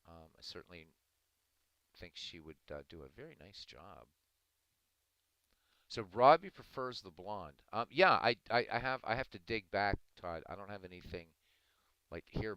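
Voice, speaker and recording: A man hosting a livestream, chatting casually with viewers in a relaxed, rambling way. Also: deep voice, clear, resonant tone, no room sound, poor audio. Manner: relaxed, rambling, chuckling asides. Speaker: livestream host.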